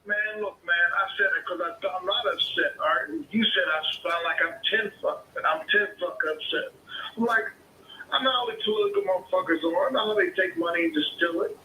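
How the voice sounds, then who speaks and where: On an echoey phone call with faint noise, a homeowner argues heatedly, cursing often and repeating his points. His voice is high-pitched and bright, with a forceful tone and a slightly fast pace.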